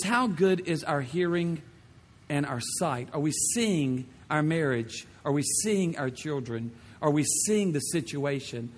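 Fervent preacher with a fairly high voice. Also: male voice. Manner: fervent, repetitive preaching with rhetorical questions. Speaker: pastor. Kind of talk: sermon. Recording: long reverb of a large hall.

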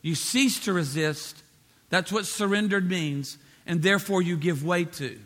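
Man, pastor preaching a sermon, high voice, bright tone, emphatic repetition. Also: measured pace.

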